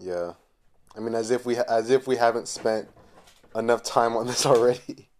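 A man's voice: mid-range voice, normal speed. A man hosting a casual podcast chat, incredulous and teasing, often laughing. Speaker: podcast host.

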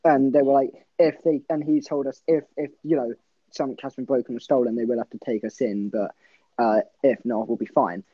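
A man's voice: mid-range voice, steady tone, fairly quick, no room sound. A young man co-hosting a podcast, telling a story in a rambling, laughing way with plenty of swearing. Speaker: podcast co-host. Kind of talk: casual storytelling chat. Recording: dull lo-fi dry sound.

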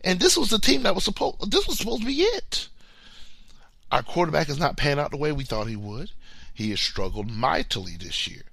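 Podcast guy trash talking sports, gravelly voice, dry close sound. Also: a little high, brisk, dry recording. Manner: animated, playful trash talk; repeats words when starting sentences. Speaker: podcast co-host. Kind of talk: casual sports talk.

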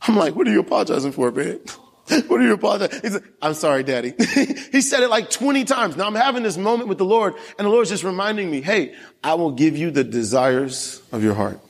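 A man's voice: sits high, animated, brisk, gravelly, big-room sound. A young man preaching a sermon, telling a family story and asking the congregation questions. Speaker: pastor. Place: church.

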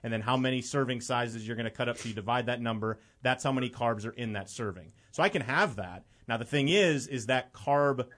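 A man's voice: mid-range voice, fairly quick, few pauses, fairly bright tone. Earnest young man telling his story. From Chicago area. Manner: earnest, rambling, many "you know" fillers. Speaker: guest. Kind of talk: personal storytelling in conversation.

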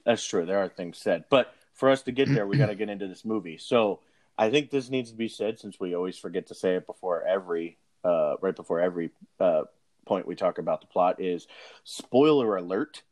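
A man with a lowish voice hosts a casual movie review chat. He rambles, stacking fillers and restarting his sentences as he goes. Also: animated, a little fast, a little mellow. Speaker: podcast host.

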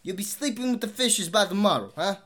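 A man's voice: high voice, lively intonation, brisk, fairly bright tone, pitched above the performer's own voice. A man voicing a tough-talking male New York mobster type in a thick put-on New York accent, swaggering, threatening and swearing heavily. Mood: menacing.

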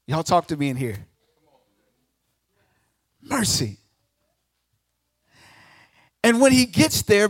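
A guest pastor preaching a sermon to a congregation. He acts out the speakers he quotes and swings from loud declarations down to hushed near-whispers. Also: very high-pitched, no echo, clean studio sound.

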